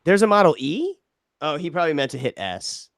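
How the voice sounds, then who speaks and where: Man, podcast co-host, casual swearing banter, slightly high voice, smooth, dry close mic. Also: a little fast, dry recording. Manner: profane, laughing, animated retelling with quoted voices.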